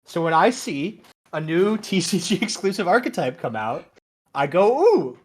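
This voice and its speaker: A man's voice: high voice, very animated, normal speed. A young man co-hosting a casual card-game podcast, explaining his opinions with enthusiasm. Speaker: podcast co-host.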